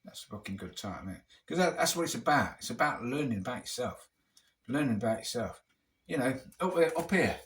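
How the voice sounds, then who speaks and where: A man's voice: medium pitch, sing-song, fairly quick, a bit bright. A British man talking in a casual, rambling monologue over a beer, blunt and swearing heavily. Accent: British English. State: drinking beer. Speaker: vlogger.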